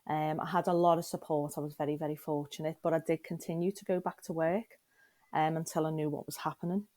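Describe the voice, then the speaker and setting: A woman's voice: sits low, steady tone, quick pace, mellow, no room sound. A middle-aged woman frankly and emotionally telling her personal story as a podcast guest, often turning to the listener with questions.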